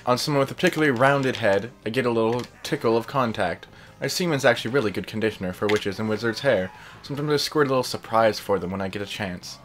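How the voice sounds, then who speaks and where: A man's voice: on the low side, quick pace, a bit bright, lightly acted. A man voicing a lecherous, boastful male talking magic hat who speaks smug and self-assured, in a fan-story reading over faint game music. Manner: sleazy, smug and confident.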